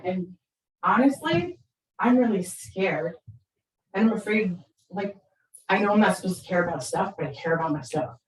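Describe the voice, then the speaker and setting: A middle-aged woman giving a talk on parenting, telling a story in an animated, conversational way with frequent tag questions. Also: mid-range voice, normal speed. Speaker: parenting speaker. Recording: echoey room, distant mic.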